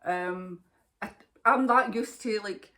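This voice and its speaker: A woman's voice: medium pitch, takes it slowly, sharp tone. A Scottish woman hosting a knitting podcast, chatting casually to camera in a rambling way and laughing often.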